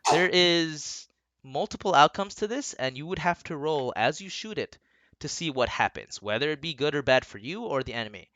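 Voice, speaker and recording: A man's voice: a little high, lively intonation, normal speed, a bit bright, no echo. A young man running a tabletop game as game master, narrating loosely with fillers and chuckles. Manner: loose and chatty, with fillers and laughs.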